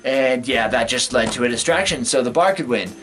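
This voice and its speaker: A man hosting a casual recap vlog, slangy and excitable, whose voice jumps up in pitch for emphasis. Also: fairly quick, faint music behind. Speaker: video host.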